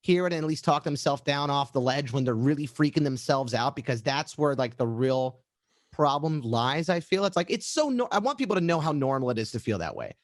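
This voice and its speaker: A man's voice: medium pitch, fairly quick, dry recording. Chatty man telling a studio story. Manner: rambling, animated, full of fillers and restarts. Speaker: musician. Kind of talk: casual storytelling interview.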